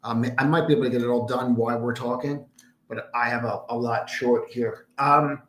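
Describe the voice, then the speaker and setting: A man's voice: medium pitch, fairly even intonation, normal speed, a bit bright. A man hosting a casual trading livestream from home, talking in a rambling, emphatic way with mumbled asides. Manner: rambling, emphatic, mutters asides to his screen. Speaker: trading stream host. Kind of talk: casual market analysis livestream. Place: home room in a condo. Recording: roomy echo.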